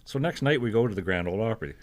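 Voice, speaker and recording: A man's voice: lowish voice, racing. An older man from New Brunswick, a guest singer-songwriter telling stories in a talk-show chat. He acts out other people's voices and chuckles often. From Fredericton, New Brunswick, Canada. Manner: lively storyteller who acts out quoted voices and chuckles often. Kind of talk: casual storytelling in a TV interview.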